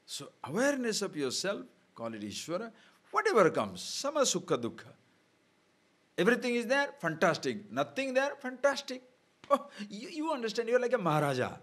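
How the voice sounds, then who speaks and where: A man's voice: sits high, fairly quick. A man giving a spiritual discourse, often putting rhetorical questions to his listeners. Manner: animated, rhetorical questions to the audience. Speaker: spiritual teacher. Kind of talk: discourse on scripture.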